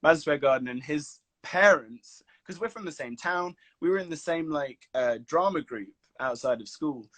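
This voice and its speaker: A man's voice: a little high, normal speed, hardly any pauses, no room sound. Guy, laughing storyteller, swears a lot, dry sound. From England. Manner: animated, swears freely, laughs while telling stories. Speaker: actor guest. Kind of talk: casual chat. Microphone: video call.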